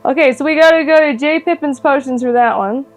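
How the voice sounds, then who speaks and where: A woman's voice: sits high, fairly quick, rough recording. A woman co-hosting a game stream, reading out quest objectives and planning next steps in a matter-of-fact way. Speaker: streamer, co-host. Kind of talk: gaming stream chat, reading quest text.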